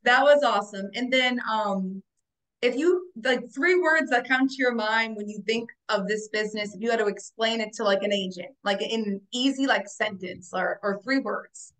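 A woman hosts a motivational agency call over video, speaking in a bright, forceful tone. Her voice sits a little high, and she coaches her listeners, checking in with "right?" after each point. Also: moderate pace, low-quality recording. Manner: upbeat, coaching, keeps asking "right?" and addressing "guys". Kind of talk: motivational interview chat.

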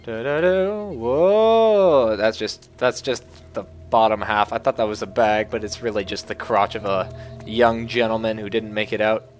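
A man hosting a gameplay video, talking through his game in a joking, self-mocking way with sudden excited yelps. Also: lowish voice, moderate pace, soft background music. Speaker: gaming video host. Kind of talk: gameplay commentary.

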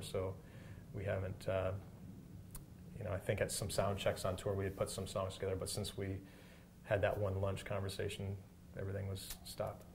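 A man's voice: deep voice, monotone, normal speed, gravelly, a little mellow, a little hiss or hum. A middle-aged man giving casual interview answers, thoughtful and hesitant, often restarting his sentences. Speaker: rock guitarist guest.

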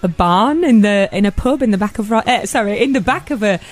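A woman's voice: mid-range voice, expressive, a little fast. A young woman with a Yorkshire accent, a singer guesting on a radio show, friendly and a little hesitant. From Yorkshire, England. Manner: friendly, laughing, a bit hesitant. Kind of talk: casual radio interview. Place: radio studio.

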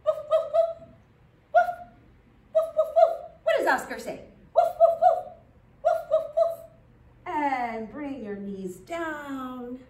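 Woman yoga teacher with a high voice, unhurried cueing, playful baby-talk asides; echoey studio, mic set back. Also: far from the mic, slight background noise. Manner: sing-song baby talk and animal sounds between cues. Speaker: yoga instructor. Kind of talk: guided baby yoga class.

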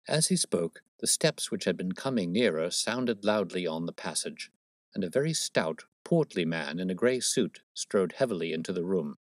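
A man narrates a storybook in a steady, measured way. His voice is very low, and the close-miked sound is completely dry. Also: dry recording. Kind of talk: storybook reading.

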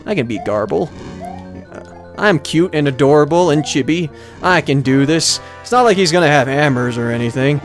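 A man giving casual gameplay commentary as a let's player, laughing often, swearing, and breaking into loud frustrated outbursts. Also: on the high side, animated, normal speed, soft background music.

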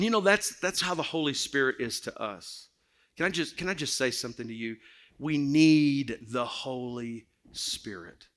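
A middle-aged pastor with a twang preaches a sermon through a personal story. His bright, forceful voice carries earnest emotion, and he often breaks off and restarts his words as he goes. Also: medium pitch.

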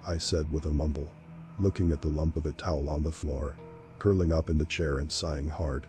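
A man reading a first-person horror story aloud in a steady, unhurried narration. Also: very deep voice. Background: faint background music.

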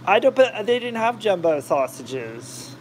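A man's voice: high voice, big pitch swings, measured pace, slight background noise. A man hosting a cooking video from his home kitchen, chatting casually and rambling off topic while he cooks. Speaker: cooking vlogger, channel host. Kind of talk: casual chat while cooking, reading viewer comments.

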